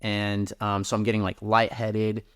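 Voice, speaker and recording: A man's voice: lowish voice, monotone, a little slow, smooth. A man guesting on a podcast, telling a climbing story in a rambling, casual way with lots of fillers and restarts.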